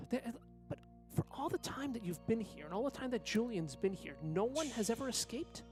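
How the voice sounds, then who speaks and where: A man's voice: extremely high pitch, big pitch swings, normal speed, a little mellow. A man playing a newly arrived prisoner in a tabletop game, asking casual, probing questions. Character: newly arrived young adult male prisoner, curious. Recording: reverberant hall, faint music.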